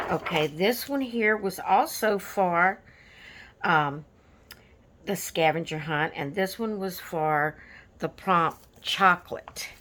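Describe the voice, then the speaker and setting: A woman's voice: lowish voice, expressive, slow pace, fairly bright tone, slight background noise. A woman hosting a coloring channel, chatting casually about her finished pages in an easygoing, rambling way with lots of fillers.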